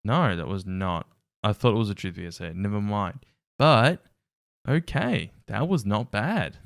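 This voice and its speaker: A man's voice: lowish voice, animated, slow pace, creaky, no echo, studio quality. A man hosting a casual reaction commentary, wry and incredulous, laughing often. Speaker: reaction video host.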